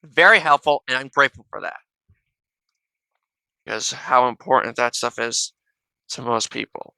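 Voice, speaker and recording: A man's voice: medium pitch, normal speed, gravelly, pushed and bright, clear, resonant tone, no room sound. A man hosting a casual reaction video on a wireless headset, rambling along with constant restarts and a tacked-on "though" in nearly every sentence. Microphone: wireless gaming headset.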